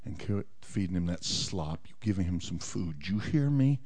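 A preacher acting out a nervous, bossy ancient king who snaps and shouts his orders, pitch leaping all over the place. He sounds like a ruler at the end of his patience. The delivery is unhurried between outbursts. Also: lively intonation. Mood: commanding. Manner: loud, exasperated, barking orders.

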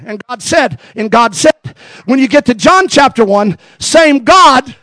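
A male pastor preaching a sermon at a camp meeting, building from quiet teaching to shouted calls. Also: extremely high pitch, no room sound.

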